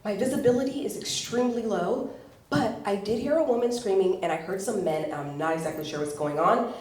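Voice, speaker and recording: A woman's voice: medium pitch, fairly quick, darkish tone, natural voice. A woman voicing a prim, overly proper woman reporting something to the police, phrasing each word carefully. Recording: roomy club sound from a distance.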